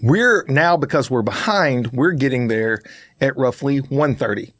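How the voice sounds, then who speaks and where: A man's voice: medium pitch, measured pace, dry recording. A man co-hosting a podcast, telling a long travel story with energy and acting out the lines of people he met. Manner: animated storyteller, acts out other people's lines. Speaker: podcast co-host. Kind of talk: storytelling in casual chat.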